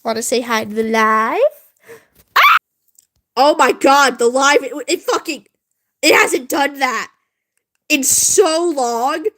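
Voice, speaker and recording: A woman livestreaming and chatting casually with her viewers, excitable and swearing, shrieking when worked up. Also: high-pitched, slow, long pauses.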